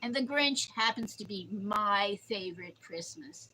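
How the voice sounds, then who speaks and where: A woman's voice: mid-range voice, lively intonation, measured pace, pushed and bright, slight background noise, rough recording. An older woman chatting casually on her livestream, rambling through stories and cooing at her dog. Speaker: livestream host.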